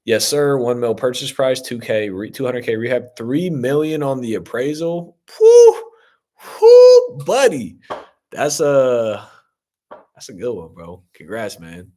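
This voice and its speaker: A man's voice: mid-range voice, moderate pace, a little mellow. A man coaching on real estate investing as he answers viewer comments in a casual live-stream Q&A, talking loosely with many fillers and an upbeat tone toward his viewers. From Ohio.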